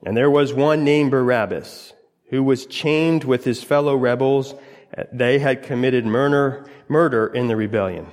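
A man's voice: mid-range voice, unhurried, darkish tone. A man preaching a sermon, telling a scripture story dramatically in short, broken phrases. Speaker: pastor. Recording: long hall reverb.

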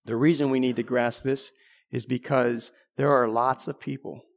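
A man preaching a sermon in a conversational way, restarting phrases and clearing his throat now and then. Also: medium pitch, little pitch movement, moderate pace.

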